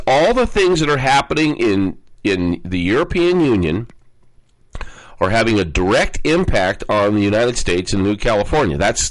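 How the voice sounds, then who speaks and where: A man's voice: lowish voice, no echo, low-quality recording. A man hosting a political talk radio show, rambling with many fillers and repeated words and rising into emphatic bursts. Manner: rises into emphatic, louder bursts.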